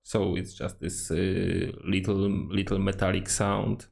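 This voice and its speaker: Gravelly slow-talking man with lots of fillers. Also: low-pitched, flat delivery, a little mellow. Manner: hesitant, many fillers and restarts. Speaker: music producer. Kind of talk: casual tutorial walkthrough.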